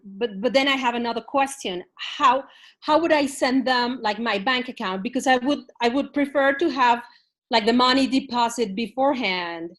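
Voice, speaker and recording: A woman coach on a video call asking for advice, speaking hesitantly with pauses and restarts. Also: fairly high pitch, fairly bright tone.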